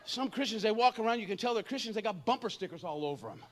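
A man in his fifties preaching an energetic, comedic sermon, joking and acting out voices. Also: high voice, fast, some chatter behind, slight background noise. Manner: animated, jokey, acts out voices, shouts at times.

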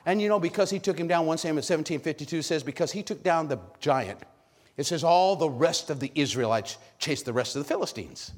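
A man preaching a sermon with lots of energy, calling out questions to the congregation and shouting at high points. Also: expressive, fairly quick. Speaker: pastor. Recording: long hall reverb.

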